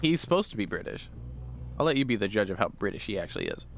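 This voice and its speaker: A man casually commenting on his gameplay as a streamer, playful and quick to laugh, swearing now and then at the game. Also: fairly low pitch, sing-song, vocal fry, heavy background noise.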